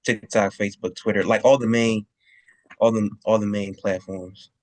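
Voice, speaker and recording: A man's voice: fairly low pitch, steady tone, normal speed, a little mellow, no echo. A man answering as a guest on a video call, hesitant, with many fillers and restarts. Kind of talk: casual interview answers.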